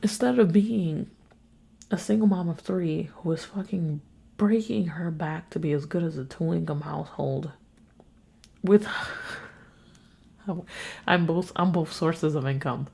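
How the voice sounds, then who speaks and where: A young woman hosts her own podcast while sick, her voice gravelly and husky with a dark, mellow tone. She talks in a weary, frank way and swears freely as she vents about her life. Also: low voice, a little slow, long pauses. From New York. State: sick, congested. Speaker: podcast host. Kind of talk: casual solo podcast venting.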